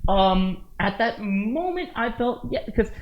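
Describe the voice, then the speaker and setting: A man co-hosting a podcast rambles through profane stories in casual, animated chat. His voice sits high and he takes it slowly, and the audio sounds dull.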